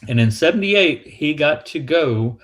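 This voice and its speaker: A man's voice: fairly high pitch, expressive, a little slow. A man with a Southern US drawl spins a loose, meandering historical story in casual conversation. He stumbles and restarts often, slipping into quoted voices as he goes. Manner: rambling anecdotal, with restarts and acted quotes. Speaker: museum staff guest.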